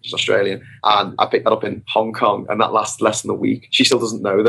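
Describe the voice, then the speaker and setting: A man's voice: on the low side, little pitch movement, a little fast, creaky, pushed and bright, a little hiss or hum. A man telling rambling, self-mocking travel anecdotes as a podcast guest. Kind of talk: casual storytelling. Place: podcast recording.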